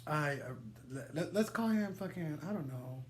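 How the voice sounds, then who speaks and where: A young man telling a wild personal story to the camera, animated and dramatic, swearing freely and laughing through his digressions. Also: on the high side, moderate pace, slight background noise. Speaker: vlogger. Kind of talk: storytime vlog, casual and profane.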